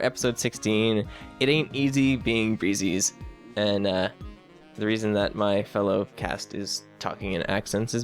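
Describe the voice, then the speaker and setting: Giggly man hosting a podcast. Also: medium pitch. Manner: giggly, laughs often. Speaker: podcast host. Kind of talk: casual chat.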